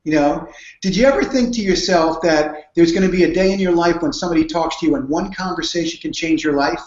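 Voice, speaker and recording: Man, high-pitched, earnest storyteller, restarts sentences, echoey room. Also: fairly quick. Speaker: guest speaker on network marketing. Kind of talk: conversational interview answers. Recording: dull, roomy sound.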